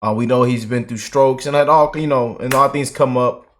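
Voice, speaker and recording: A man hosting a casual reaction commentary, talking in an animated, preachy way and repeating his phrases. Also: mid-range voice, normal speed, a little hiss or hum. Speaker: commentary video host.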